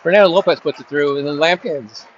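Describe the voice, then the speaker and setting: A man doing casual play-by-play for a high school football game at the stadium, chatty and rambling, with joking asides to friends. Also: fast, background noise. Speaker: play-by-play announcer. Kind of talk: casual local sports commentary. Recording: dull lo-fi sound with faint crowd ambience.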